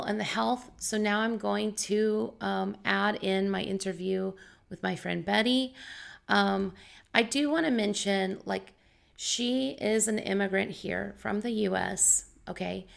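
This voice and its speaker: A young adult woman who teaches English talks slowly to her vlog audience, explaining things casually with plenty of fillers and disclaimers. Her medium-pitched voice is creaky and fairly bright, with fairly even intonation.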